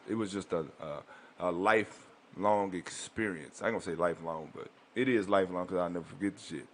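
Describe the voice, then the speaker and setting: Laid-back low-voiced male comedian. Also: slight background noise. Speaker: guest comedian. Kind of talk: casual storytelling. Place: radio studio.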